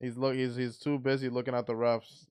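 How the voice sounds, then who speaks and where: Guy doing live boxing play-by-play, clean smooth voice, blunt and excitable, trips over his words. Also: medium pitch, a little fast. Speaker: watch party commentator. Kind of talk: live fight commentary.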